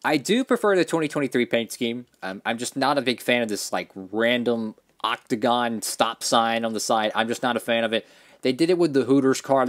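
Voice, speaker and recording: Male hobby reviewer, mid-pitched, chatty and opinionated, talks in a home studio. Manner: opinionated, rambling, with fillers and restarts. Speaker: diecast reviewer. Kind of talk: casual product review.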